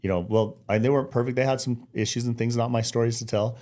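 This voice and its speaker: Man, middle-aged, podcast guest, earnest, teary-eyed, warm dark tone. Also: medium pitch, fairly even intonation, quick pace. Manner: earnest, heartfelt, many restarts. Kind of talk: emotional interview.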